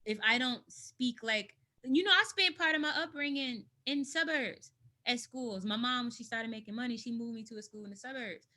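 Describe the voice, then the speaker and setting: An outspoken woman from the United States, talking frankly in an interview over a video call from home. Her voice is bright and a touch high, and she stresses her points with force. She sounds plain and direct. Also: moderate pace. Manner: emphatic, animated, speaks her mind. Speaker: interview guest. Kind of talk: candid conversational interview.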